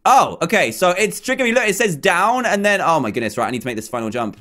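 A man hosting a gaming channel, giving excitable, chatty let's-play commentary and talking to himself as he plays. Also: high voice, fast.

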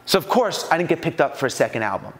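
An animated man from New York delivers a storytelling keynote to a business crowd. His voice sits a little high, and he jumps into the voices of the people in his stories. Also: fast, in a large hall. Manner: animated, acts out quoted voices. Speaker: speaker at a business mastermind.

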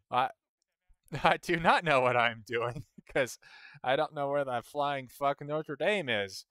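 A man's voice: mid-range voice, slow, pauses often, bright, forceful tone, clean tone, no echo, clean studio sound. A man streaming a game, grumbling at it and laughing at himself as he talks. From United States. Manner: grumbling at the game, self-mocking, laughs often. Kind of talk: casual gameplay commentary.

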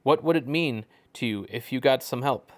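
A man's voice: mid-range voice, normal speed, dry recording, lightly acted. A man voicing an early chatbot therapist program that turns each remark back into a question. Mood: probing. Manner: mechanical, repeats the speaker's words back as questions.

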